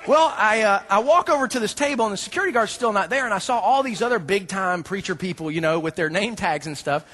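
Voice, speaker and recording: A pastor with a high voice preaches at a quick pace, telling a funny personal story full of laughter and acted-out dialogue before turning to scripture. He is an animated storyteller who laughs often.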